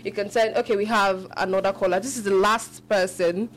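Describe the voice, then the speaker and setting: A woman hosting a live radio call-in show, animated, often laughing and restarting her sentences. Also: mid-range voice, fairly quick, slight background noise.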